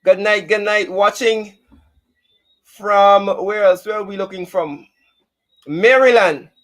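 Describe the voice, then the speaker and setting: A man's voice: sits high, slow pace, a bit bright. A man hosting a casual live-stream talk show, chatting and greeting viewers by name.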